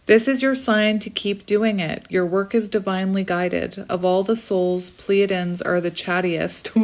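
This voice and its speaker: Chatty woman giving a tarot reading. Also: lowish voice. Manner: chatty and rambling, often laughing at herself. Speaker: tarot reader. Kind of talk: casual spiritual reading.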